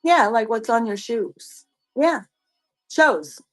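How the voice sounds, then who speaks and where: A woman with a Southern US accent chats on a livestream and gives advice to other sellers. Her voice sits a touch high and she takes her time. She repeats herself and restarts her sentences as she goes. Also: lively intonation, slow, faint music behind. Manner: rambling, repeats words and restarts. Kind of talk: casual livestream chat.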